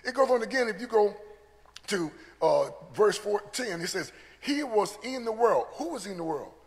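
Earnest male church preacher, high and gravelly, in a reverberant sanctuary. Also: sing-song, moderate pace. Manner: earnest, repeats words when building a point. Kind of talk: sermon teaching. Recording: long church hall reverb.

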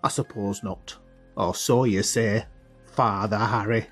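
A man's voice: fairly low pitch, fairly even intonation, takes it slowly, fairly bright tone, breathy edge, soft background music, exaggerated voice. A man voicing a cocky young boy who mocks his friends. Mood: teasing. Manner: swaggering, mocking banter.

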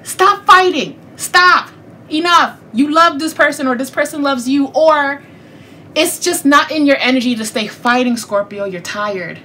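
A woman talks through a tarot reading in a chatty, animated way, speaking right to her viewers. Her voice sits a little high and comes across bright and forceful. A faint noise runs under the recording. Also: normal speed. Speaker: tarot reader.

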